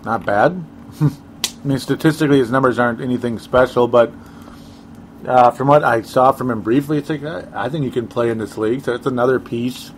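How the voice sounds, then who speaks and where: Man, casual sports chat, sarcastic asides, medium pitch, faint noise behind. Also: fairly quick. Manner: rambling, chuckling, sarcastic asides. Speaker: co-host of a sports talk show.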